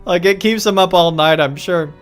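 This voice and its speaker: A young man streaming a video game live, excitable and laughing often, saying "like" a lot. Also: high voice, moderate pace, faint music behind. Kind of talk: live gameplay commentary.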